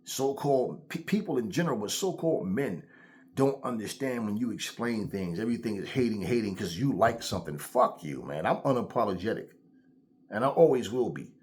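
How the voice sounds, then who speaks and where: A man hosting a commentary vlog, ranting in a blunt, profane, animated way. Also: fairly low pitch, brisk. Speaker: channel host.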